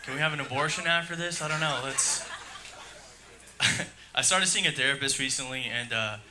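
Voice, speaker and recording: A man's voice: medium pitch, normal speed. A man telling dry, offhand stand-up stories in a comedy club. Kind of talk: deadpan stand-up set. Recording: live club with audible room noise.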